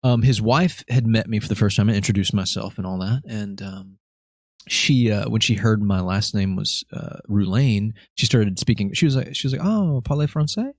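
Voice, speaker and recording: This young Alabama man has a slight Southern twang and a voice on the low side, speaking at a moderate pace. As a podcast host in a casual chat, he tells stories animatedly and slips into voices to act them out. The studio sound is dry and clean.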